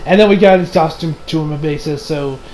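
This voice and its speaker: A man's voice: a little high, a little fast, darkish tone, slight background noise, rough recording. A young man giving a rambling, casual recap of an anime episode, acting out the characters' lines and laughing as he goes. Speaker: anime reviewer.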